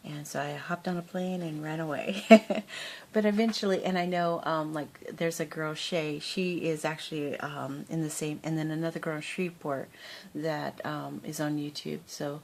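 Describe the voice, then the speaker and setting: Low-voiced chatty woman vlogging. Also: fairly even intonation, moderate pace. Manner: chatty, rambling, laughs often. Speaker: crafting vlogger. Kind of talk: casual chat to camera.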